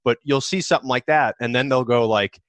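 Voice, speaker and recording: A man's voice: mid-range voice, brisk, a bit bright, dry recording. A man co-hosting a podcast in an easygoing, conversational way. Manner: easygoing, conversational, trails off and restarts. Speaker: podcast co-host. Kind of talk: casual podcast chat.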